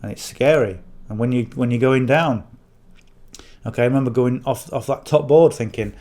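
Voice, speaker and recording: This is casual to-camera coaching from an affiliate marketing coach, a middle-aged man with a northern English accent who rambles and keeps checking in with "okay?" and "you know." He has a dark, medium-pitched voice at a normal pace.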